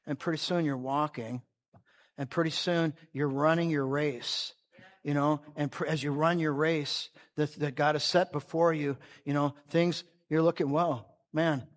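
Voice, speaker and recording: A male preacher delivering a sermon, who switches between shouting for emphasis and a calm, conversational way of talking. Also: on the high side, big-room sound.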